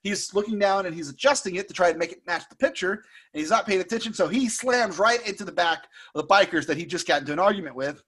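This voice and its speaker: A man co-hosting a podcast, recapping a film in a casual, jokey way and slipping into squeaky impressions. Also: quick pace. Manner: animated storyteller who puts on squeaky impressions; jokey, laughs often. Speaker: podcast co-host.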